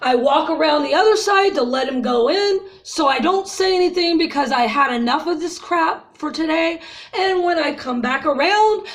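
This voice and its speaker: A woman in her fifties venting to her viewers in an agitated, ranting way, upset after crying and calling her audience "y'all". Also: sits high. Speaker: vlogger. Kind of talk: emotional personal vent to viewers.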